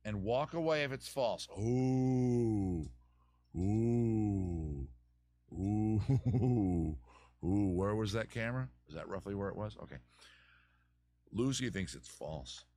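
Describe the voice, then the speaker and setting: A man's voice: on the low side, expressive, moderate pace, no echo. A man hosting a live advice stream, chatting casually and joking as he thinks aloud with many restarts.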